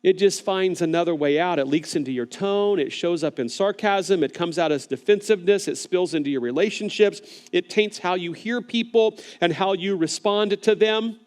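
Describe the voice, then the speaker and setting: Pastor guy preaching, kinda high voice, earnest n gentle, stumbles on repeats a lot. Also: moderate pace, few pauses, clean tone. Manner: earnest, repeats words when starting phrases; speaks gently to online viewers. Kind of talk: sermon.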